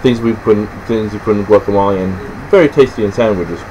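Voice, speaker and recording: An Australian man explaining things casually and unscripted, halting and rambling with many restarts and fillers. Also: lowish voice, background noise. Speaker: presenter explaining slang.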